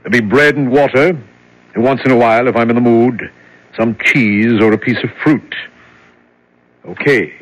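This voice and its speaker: An actor playing a matter-of-fact male jailer who talks in a flat, dry, unbothered way, 1970s radio drama style. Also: mid-range voice, normal speed, long pauses, highs cut off, natural voice. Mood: cool.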